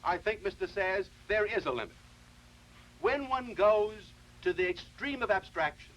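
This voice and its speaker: A man delivers a philosophy lecture for television in a slightly raised register. He builds each point slowly and deliberately, often restarting a phrase to get it exactly right. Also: sits high, a bit bright, a little hiss or hum, poor audio. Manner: measured, deliberate explaining with frequent restarts.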